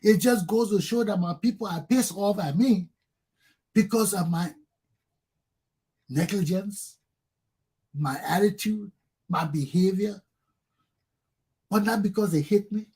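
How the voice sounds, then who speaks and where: Fiery husky Liberian man. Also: measured pace, long pauses. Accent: Liberian English. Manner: preachy and fiery, swings from low intensity to shouting. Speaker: talk show host. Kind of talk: impassioned monologue.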